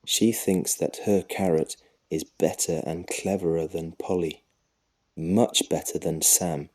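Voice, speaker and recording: A man narrating a children's storybook in a calm, measured way, as audio for an English lesson. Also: deep voice.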